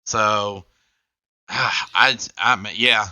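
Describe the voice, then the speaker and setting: A man's voice: lowish voice, fairly even intonation, extremely slow, bright, forceful tone, dry recording. A man hosting a game show, with upbeat, jokey patter.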